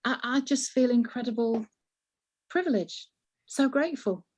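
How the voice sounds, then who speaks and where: A woman's voice: on the high side, normal speed. Cheerful Manchester-accented woman. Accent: Northern English, Manchester. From north of England. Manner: warm, laughs often, animated storytelling. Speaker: voiceover artist, guest. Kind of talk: casual interview chat.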